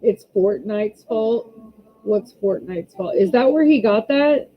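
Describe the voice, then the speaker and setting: Woman, channel host, casual home livestream, chatty, exasperated, middle pitch, muffled lo-fi sound. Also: animated, slow pace. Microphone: camera pointed down. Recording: slightly muffled lo-fi audio.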